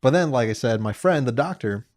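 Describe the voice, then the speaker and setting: A man's voice: mid-range voice, lively intonation, fairly quick, a little mellow. Young man, podcast co-host, casual crude banter, laughs a lot. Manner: laughs often, storytelling, crude joking. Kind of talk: casual chat.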